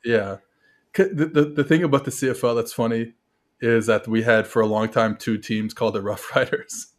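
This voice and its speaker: A man from Montreal talks as a podcast guest in a medium-pitched voice. He rambles earnestly, often restarts his sentences, and fills them with "like" and "you know". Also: steady tone, moderate pace. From Montreal, Canada. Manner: rambling, filler-heavy, earnest. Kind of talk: casual podcast chat.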